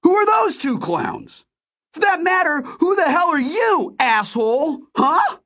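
A man voicing a frightened, furious young man who shouts in a panic. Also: big pitch swings, measured pace, heavily acted. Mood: furious shouting. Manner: shouting, high-strung.

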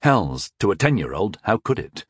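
A man's voice: fairly low pitch, big pitch swings, normal speed, husky, dry recording. Wry male audiobook narrator, dry sound. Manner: wry, conversational storytelling. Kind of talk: first-person fantasy narration.

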